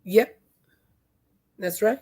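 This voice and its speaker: A woman podcast host, hoarse from singing, talking in a chatty, emphatic and indignant way. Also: drawn-out words, darkish tone. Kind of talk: casual chat.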